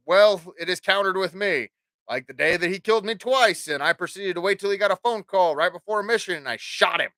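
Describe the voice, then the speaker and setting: A man's voice: sits high, bright, forceful tone, clean tone, no room sound, clean studio sound. A man hosting his own podcast, rambling casually with plenty of swearing and jokes. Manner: profane, rambling, jokey. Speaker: podcast host.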